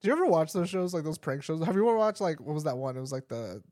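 A man's voice: on the high side, big pitch swings, very fast, a little mellow, no echo, clean studio sound. A young man co-hosting a podcast, telling a story in a rambling, casual way with lots of "like" and frequent laughter. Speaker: podcast co-host. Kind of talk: casual chat.

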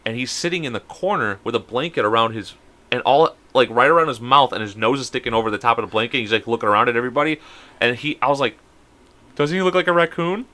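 A man telling a long, profane story in a casual podcast chat, rambling and animated. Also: medium pitch, quick pace. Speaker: podcast co-host.

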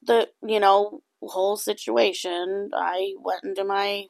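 A young woman co-hosting a podcast in casual chat, animated and laughing often, trailing off mid-sentence. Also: mid-range voice, slow pace, vocal fry. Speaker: podcast co-host.

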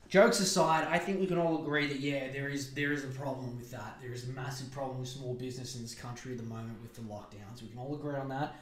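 A man's voice: mid-range voice, fairly even intonation, fast, few pauses. Sarcastic young Australian man, echoey room. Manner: sarcastic and profane, rambling asides. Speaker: podcast host. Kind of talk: casual solo podcast rant.

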